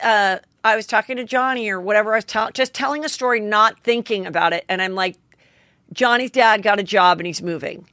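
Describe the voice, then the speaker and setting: A woman's voice: fairly high pitch, pushed and bright, dry recording, studio quality. A woman in her forties hosting a solo gossip podcast, chatty and candid, swearing freely and acting out quotes. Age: 40s. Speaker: podcast host.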